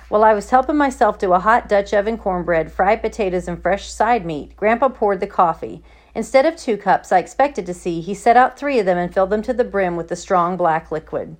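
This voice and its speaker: A female audiobook narrator reads a chapter of a storybook steadily and without hurry. Her pitch is an ordinary middle, neither high nor low.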